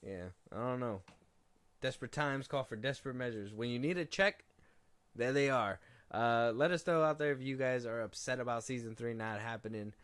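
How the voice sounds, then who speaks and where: A young man co-hosting a film podcast, casually running through film news in a relaxed, rambling way. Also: medium pitch, moderate pace, clear, resonant tone. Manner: relaxed, rambling, trails off and restarts. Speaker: podcast co-host.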